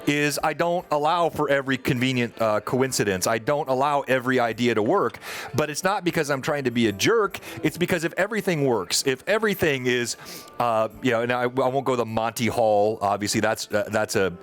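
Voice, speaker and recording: A man's voice: medium pitch, a little fast. A man hosting a live tabletop gaming talk show, rambling casually with many fillers while reading out chat comments. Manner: rambling, reads chat aloud, frequent fillers. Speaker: podcast host and dungeon master.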